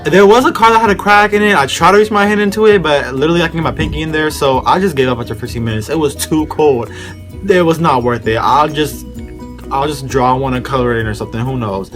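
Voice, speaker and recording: A man's voice: on the high side, quick pace, a bit bright, faint music behind. A young man telling a story in a casual vlog, rambling and slangy as he talks straight to his viewers. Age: young adult.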